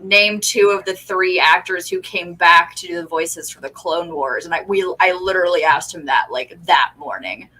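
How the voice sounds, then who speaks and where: Female host, lowish but bright tone, lively and animated in casual chat. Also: husky, poor audio. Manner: animated, reacts with quick exclamations. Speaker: podcast host.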